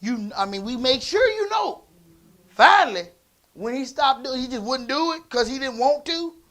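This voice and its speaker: A man preaching in a church, telling a family story in a conversational way that moves from quiet asides to loud emphasis. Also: very high-pitched, animated, normal speed. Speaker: pastor. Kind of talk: storytelling sermon.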